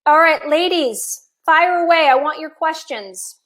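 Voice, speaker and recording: A woman in her fifties with a high voice, talking as a health coach on a live stream. She is chatty and enthusiastic. Her voice is a little hoarse from long talking. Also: animated, a little slow, fairly bright tone. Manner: enthusiastic, chatty, with occasional laughs.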